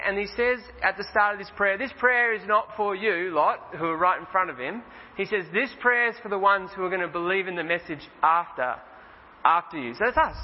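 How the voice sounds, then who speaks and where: High-voiced preacher in an echoing hall. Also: male voice. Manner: casual, conversational preaching with slow emphatic scripture reading. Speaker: pastor. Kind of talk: sermon. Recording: dull roomy hall sound.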